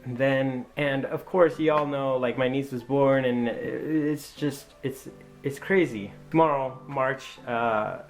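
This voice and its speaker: Excitable young man telling a story. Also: medium pitch, slow pace, faint music behind. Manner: excitable, acts out his own dialogue. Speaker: vlogger. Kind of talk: storytelling vlog.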